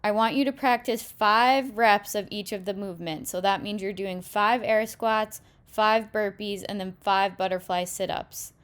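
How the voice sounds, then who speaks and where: A woman's voice: mid-range voice, unhurried, hardly any pauses, a bit bright, no room sound. A young woman teaching a home workout, explaining each move step by step as she demonstrates it. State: out of breath at times. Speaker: fitness teacher. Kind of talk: workout instruction.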